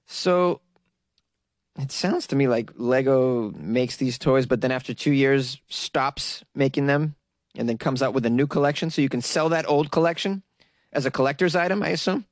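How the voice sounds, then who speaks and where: A man's voice: mid-range voice, moderate pace, no echo, clean studio sound. A young man from Massachusetts hosting casual news commentary, with joking, sarcastic asides. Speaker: host.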